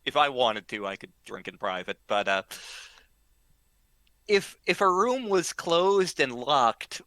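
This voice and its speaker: A man's voice: medium pitch, very animated, pushed and bright, no room sound. A man telling a casual story, full of ums and restarts and acting out what people said. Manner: halting, full of ums and restarts, acts out quoted lines.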